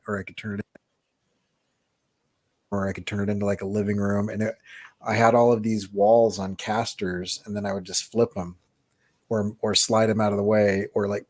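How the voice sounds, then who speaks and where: A middle-aged man co-hosting an art podcast, telling stories in a lively way and laughing often. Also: lowish voice, no room sound. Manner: animated storytelling, laughs often. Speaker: podcast co-host, artist. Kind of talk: casual chat.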